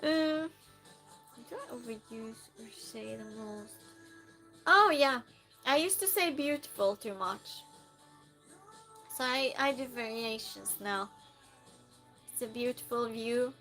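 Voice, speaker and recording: A woman's voice: fairly high pitch, lively intonation, slow pace, pauses often, bright, forceful tone, faint music behind. A woman streamer chatting casually and playfully with her live viewers, reading their messages aloud and teasing them.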